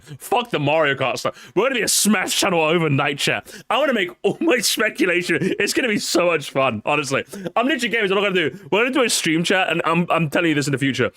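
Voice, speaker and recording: Excitable, high-voiced young male streamer. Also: no echo, studio quality. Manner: excitable, profane, talks to chat. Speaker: streamer reacting to a video. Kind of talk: casual react stream chat.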